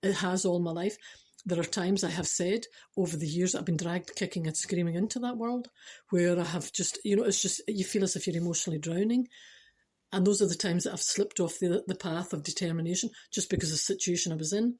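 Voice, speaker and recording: A woman's voice: on the low side, brisk, darkish tone, slightly rough. A woman from Scotland with a Scottish accent, giving a chatty spiritual talk to her viewers, emphatic and self-mocking with dry humour. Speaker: spiritual vlogger.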